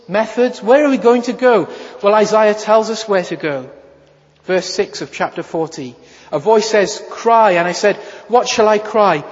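A man preaching a sermon, asking rhetorical questions with strong emphasis and dropping to a hush at times. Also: high voice. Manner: emphatic, rhetorical questions, swings from loud to hushed. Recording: dull lo-fi sound with long reverb in a large hall.

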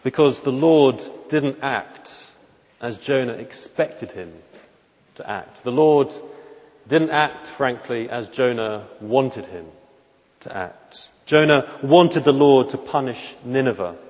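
A man preaching an expository sermon in church, measured and emphatic, often asking rhetorical questions. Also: medium pitch, animated, darkish tone. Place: church during a worship service. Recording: dull lo-fi recording with long hall reverb.

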